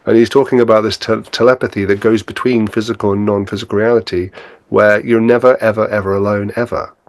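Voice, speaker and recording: A man with a low voice speaks as a podcast guest in a relaxed spiritual chat. He tells his stories with animated flair. The sound is dry and close, with no room echo. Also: fast talker. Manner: animated storyteller, acts out scenes. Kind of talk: casual spiritual conversation.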